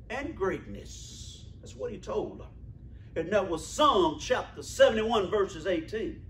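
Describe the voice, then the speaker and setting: A man's voice: very high-pitched, fairly bright tone, echoey room. A man preaching a sermon to his church, emphatic and rhythmic, repeating his phrases for effect.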